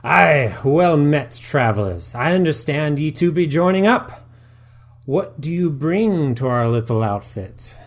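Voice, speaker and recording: A man's voice: fairly high pitch, lively intonation, unhurried, pitched above the performer's own voice. A man voicing a nerdy man in glasses who greets people in a hearty, archaic seafaring way. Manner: hearty, archaic "aye" and "ye" talk. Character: nerdy man in glasses speaking like an old-timey sailor.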